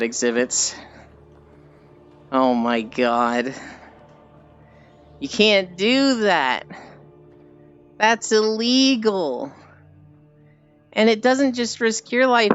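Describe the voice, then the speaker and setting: A young adult streamer chatting casually with viewers, telling animated stories and swearing freely. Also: medium pitch. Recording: slightly dull stream audio with faint music.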